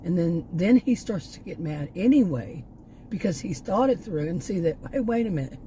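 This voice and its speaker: A woman's voice: lowish voice, lively intonation, moderate pace, warm tone, slight background noise, poor audio. An older woman from Texas, talking in a rambling, casual vlog with many restarts and asides, a little short of breath. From Texas, United States. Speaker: vlogger. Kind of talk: casual personal vlog talk.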